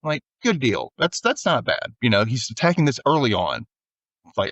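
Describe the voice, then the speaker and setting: A man's voice: mid-range voice, moderate pace, no echo, lo-fi sound. A man co-hosting a podcast, casually recapping an episode and acting out the characters' lines. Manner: animated, acts out characters' lines. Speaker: podcast co-host.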